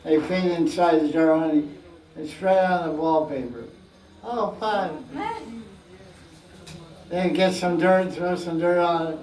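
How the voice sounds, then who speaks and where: High-voiced man teaching scripture, slow. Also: steady tone, a little mellow. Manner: playful storytelling, acting out scenes. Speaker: spiritual teacher. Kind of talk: scripture class talk. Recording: echoey room, distant mic.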